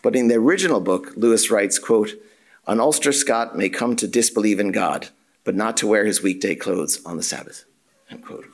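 Reading an academic paper aloud, a drama and theatre studies lecturer speaks in a lowish male voice. The tone stays measured and formal, with a dry aside here and there.

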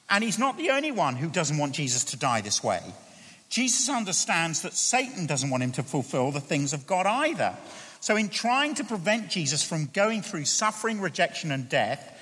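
Animated preacher in a reverberant hall. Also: male voice, sits high. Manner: animated, emphatic preaching with scripture readings. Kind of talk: sermon.

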